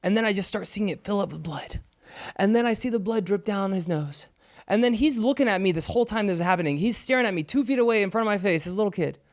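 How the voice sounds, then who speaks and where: A man in his thirties, a podcast co-host in casual chat, telling a story with lively acted-out sounds. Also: sits high, fast talker. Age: 30s. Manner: animated storyteller, acts out voices and screams.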